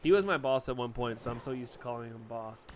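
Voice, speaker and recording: A man's voice: mid-range voice, quick pace, slight background noise. A young man live-streaming, chatting casually and laughing often as he reacts to viewer messages.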